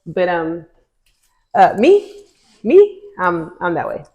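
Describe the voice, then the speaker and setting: A woman co-hosting a podcast in casual chat, teasing and laid-back, often speaking softly. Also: fairly low pitch, huge pitch swings, slow. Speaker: podcast co-host.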